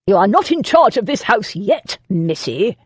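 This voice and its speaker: A woman acting blustering older nobleman, roaring, domineering, husky, audiobook figure. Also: medium pitch, wildly swooping pitch, measured pace, warm tone, dry recording, full character voice. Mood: outraged. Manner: roaring, bellowing.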